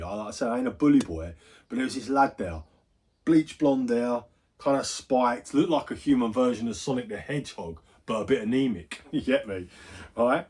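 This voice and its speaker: A man's voice: mid-range voice, slightly rough. A man chatting casually, swearing freely and wandering into asides as he tells a story on his gaming vlog. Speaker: gaming YouTuber.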